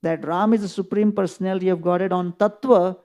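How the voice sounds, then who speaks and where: A man giving a scripture class, retelling an epic story in an animated storytelling manner. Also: high voice, a little fast. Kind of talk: scripture lecture.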